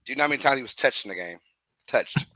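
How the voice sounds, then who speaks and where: A man co-hosting a casual sports podcast, animated and laughing, sometimes rising to shouts when riled up. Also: medium pitch, racing, no echo. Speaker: podcast co-host.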